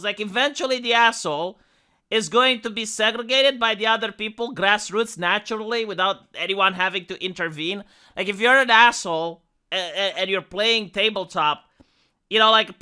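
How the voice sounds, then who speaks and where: Young guy ranting on youtube, highish voice, swears a lot, sarcastic. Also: sharp tone, smooth. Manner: profane, sarcastic, heated. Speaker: YouTube commentator. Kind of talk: ranting commentary.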